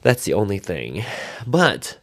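A man's voice: fairly low pitch, wildly swooping pitch, takes it slowly, dry recording. A man hosting a podcast in casual, rambling chat, often interrupting himself, recorded in his living room at home on a handheld recorder. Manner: chatty, rambling, self-interrupting. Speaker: podcast host.

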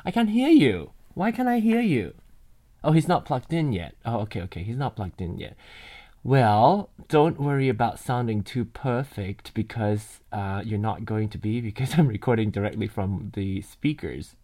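Animated yet at a normal pace, a man with a fairly low, mellow voice chats live from bed into a binaural computer mic, rambling, laughing often and swearing loosely.

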